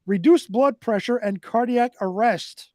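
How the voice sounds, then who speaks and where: A man's voice: extremely high pitch, a little slow, mellow, dry recording, clean studio sound. A man co-hosting talk radio, reading weird news stories aloud and stumbling over hard science words.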